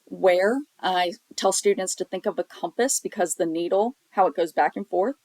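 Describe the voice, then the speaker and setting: A woman teaching a sign language lesson, explaining step by step in a patient, plain way, often pausing on um. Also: lowish voice, darkish tone, no room sound, low-quality recording. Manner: patient, explanatory, with frequent um fillers. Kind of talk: recorded classroom lesson.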